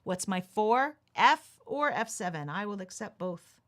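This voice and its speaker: A woman's voice: mid-range voice, sing-song, a little slow, a bit bright. A woman teaching a ukulele lesson on a livestream, patiently explaining chords step by step. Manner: calls out chords while strumming. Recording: ukulele playing under the voice.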